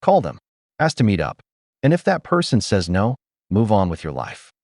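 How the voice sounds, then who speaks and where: A man's voice: lowish voice, huge pitch swings, moderate pace, a little mellow, no echo, studio quality. A man hosting a commentary video, blunt and opinionated in his reactions. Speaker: commentary host.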